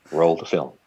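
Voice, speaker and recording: A man's voice: deep voice, slightly rough, no room sound. A man who is a photographer and storyteller, talking casually and with self-deprecating humor on a video call. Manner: animated, self-deprecating, laughing as he talks. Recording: dry, slightly dull video-call audio.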